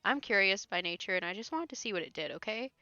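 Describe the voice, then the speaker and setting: A woman streamer chats and giggles her way through a video game in casual let's-play commentary, addressing chat between asides. Her medium-pitched voice is bright, a little sharp, and lively, spoken fast and recorded very close and dry with no echo. The stream audio sounds slightly dull, with faint music playing behind her.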